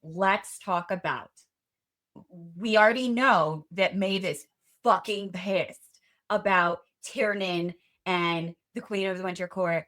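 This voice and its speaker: Bright-voiced woman gushing about books. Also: fairly low pitch, slow. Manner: enthusiastic, gushing, swears casually. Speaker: podcast host. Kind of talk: casual book chat.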